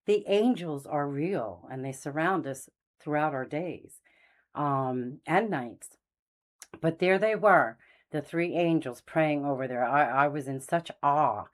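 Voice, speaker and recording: A woman's voice: low voice, expressive, measured pace. A middle-aged woman hosting her own channel, earnestly telling a personal faith story in a rambling, casual way with many fillers and restarts. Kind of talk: casual testimony monologue.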